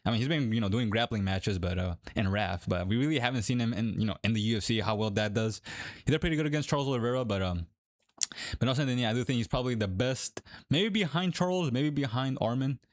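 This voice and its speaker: A man's voice: medium pitch, fast, no room sound, clean studio sound. A young man casually talking to viewers, rambling and correcting himself with lots of fillers. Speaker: MMA predictions creator. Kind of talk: casual commentary to camera.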